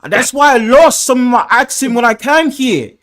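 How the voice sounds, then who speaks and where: A man's voice: extremely high pitch, expressive, normal speed, a bit bright, pitched above the performer's own voice. A man from New York putting on a fake London Cockney accent, mock-indignant and trolling in a casual group chat.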